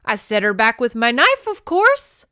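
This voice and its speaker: A woman voicing a sheepish young Highland clansman, loud and high, in an attempted Scottish accent. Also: a little slow, clean tone, no echo, clean studio sound. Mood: defensive.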